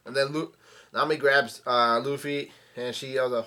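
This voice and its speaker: A man hosting a comic reaction video, reading the chapter aloud in a casual, halting way with frequent restarts. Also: medium pitch, fairly even intonation, sharp tone. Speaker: manga reaction channel host.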